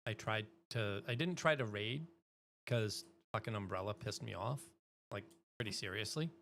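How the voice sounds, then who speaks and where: A middle-aged woman streaming live, chatting casually and breaking into loud exclamations. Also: a bass voice, moderate pace, creaky, slight background noise.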